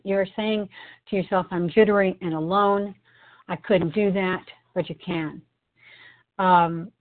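Slow, halting woman on a phone line. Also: mid-range voice. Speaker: meeting member sharing. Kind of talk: personal recovery share. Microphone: phone conference call.

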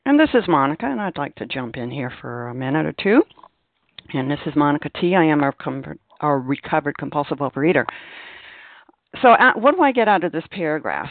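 Woman, emphatic, expressive, leads the meeting, phone-line sound, dry. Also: low-pitched, moderate pace, no echo. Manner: emphatic, expressive, rising on key words. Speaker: meeting leader. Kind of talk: recovery meeting share.

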